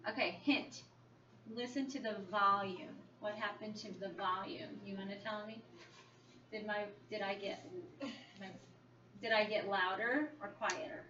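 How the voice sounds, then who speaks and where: Steady in tone and a little slow, this woman teacher's mid-range voice sounds pushed and bright while she patiently questions a small reading group and encourages the kids to respond. The audio, recorded in a classroom, is echoey, distant, dull and noisy.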